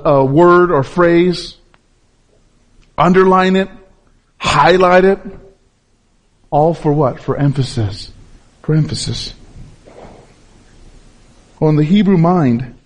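Male preacher, high-pitched voice, emphatic sermon delivery with repetition for stress. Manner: emphatic, repeats words for stress, drops low and slow on key points.

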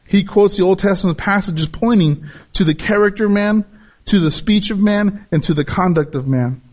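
High-voiced man preaching a sermon. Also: moderate pace, darkish tone. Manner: emphatic preaching with rhetorical questions and repetition. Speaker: pastor.

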